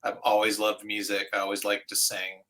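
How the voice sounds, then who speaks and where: A middle-aged man, a guest vocalist, chatting casually in an interview, relaxed, with many fillers and soft trailing phrases. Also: on the low side, brisk, rough recording.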